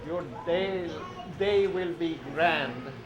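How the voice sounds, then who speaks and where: A children's storybook reader with a voice on the high side draws out his words as he sing-songs through train picture books. He repeats words and gets the kids to chime in with train sounds. The audio is dull and lo-fi with noise, from an echoey room.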